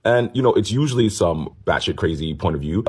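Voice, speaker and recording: A man's voice: low voice, animated, a little fast, darkish tone, slightly rough. A man from the United States giving blunt, dismissive commentary. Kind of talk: commentary video.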